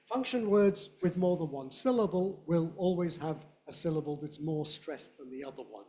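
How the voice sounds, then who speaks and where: Mellow-voiced man lecturing in an echoey room. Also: on the high side, normal speed. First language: English. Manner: explanatory, demonstrates by saying example phrases aloud. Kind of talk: conference lecture.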